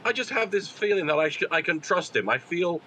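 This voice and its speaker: A man's voice: high-pitched, expressive, a little fast, bright, forceful tone, low-quality recording. A man playing a tabletop game, making jokey asides between laughs. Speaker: player. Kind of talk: casual tabletop play.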